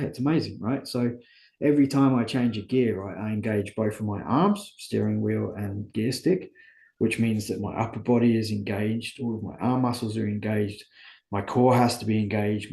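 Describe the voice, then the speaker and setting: A man's voice: lowish voice, vocal fry, mellow, reverberant. A man as an interview guest, talking candidly and earnestly about his own life, often asking and answering his own questions. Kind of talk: candid conversational storytelling.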